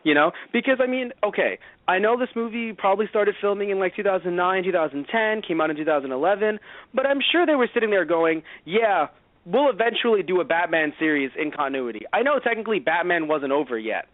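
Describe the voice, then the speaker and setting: A man with a slightly high voice rants his way through a casual movie review, swearing freely and slipping into mocking voices. His pitch swings widely. The sound is dry and thin, as if it came through a phone line. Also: fast, no room sound. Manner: animated, profane, acts out mock dialogue. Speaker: podcast co-host.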